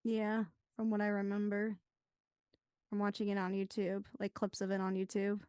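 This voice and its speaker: A young woman co-hosting a podcast, chatting casually through a movie watch-along with soft murmured reactions and chatty asides. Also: medium pitch, completely flat delivery, moderate pace, clean tone, no room sound, studio quality. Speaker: podcast co-host.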